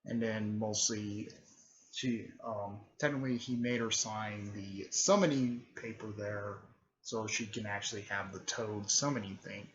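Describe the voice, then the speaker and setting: A man recapping a fan story casually, halting, with many fillers, restarts and throat clearing. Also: on the low side, steady tone, highs cut off.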